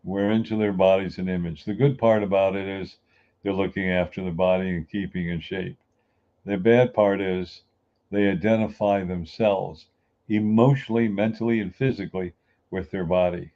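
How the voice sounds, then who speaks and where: Using a low-pitched, steady voice at normal speed, an inspirational speaker from the US East Coast gives a folksy, emphatic motivational talk. He acts out everyday people along the way. The audio is dull.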